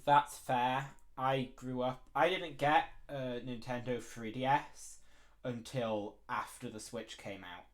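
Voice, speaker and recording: A man's voice: medium pitch, fairly even intonation, takes it slowly. A man co-hosting a casual podcast, chatting in an easygoing way. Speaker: podcast co-host. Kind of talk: casual chat.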